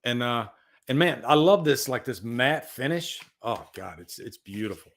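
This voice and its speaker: A man's voice: medium pitch, lively intonation, normal speed, fairly bright tone. A man hosting a casual live stream, rambling with enthusiasm and talking to viewers in the chat. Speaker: livestream host.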